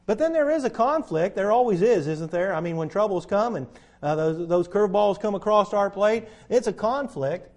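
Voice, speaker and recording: A middle-aged man preaching a sermon, telling folksy personal stories and rising into loud, emphatic preaching. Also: high-pitched, lively intonation, normal speed.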